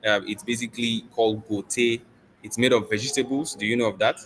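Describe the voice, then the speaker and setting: A man from Nigeria with a Nigerian accent, presenting a live software demo in a casual, chatty way with plenty of fillers. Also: lowish voice, steady tone, a little fast, a little hiss or hum. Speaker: tech presenter.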